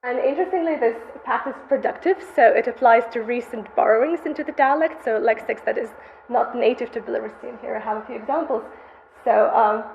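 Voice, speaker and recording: A woman's voice: on the high side, a little fast, vocal fry, slight background noise. A young woman, a graduate student, presenting her research in a methodical academic conference lecture, heard through a dull, muffled recording. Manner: methodical, explanatory delivery.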